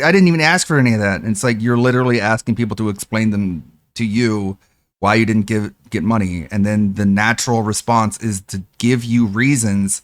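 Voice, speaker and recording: A man's voice: fairly low pitch, moderate pace, no echo. A man streaming reaction commentary, mocking another streamer with sarcastic, profane impressions.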